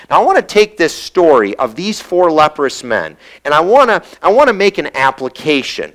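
A man preaching with a voice that rides high and swoops far up and down as he retells a scripture story. He slips into quick character voices for the people in the tale, then reads the verses in a steady, measured cadence. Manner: animated storytelling, briefly acting out the voices of biblical characters. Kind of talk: sermon.

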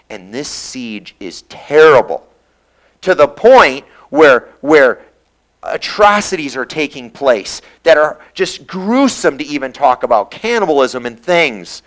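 Animated preacher man, lively voice. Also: medium pitch. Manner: animated storytelling, briefly acting out the voices of biblical characters; reads scripture aloud in a measured cadence. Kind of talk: sermon.

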